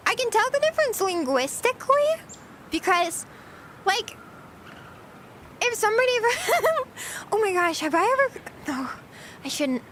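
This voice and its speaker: A woman's voice: very high-pitched, big pitch swings, unhurried, pauses often, background noise. A young woman streamer rambling through casual chat with her viewers, giggling often.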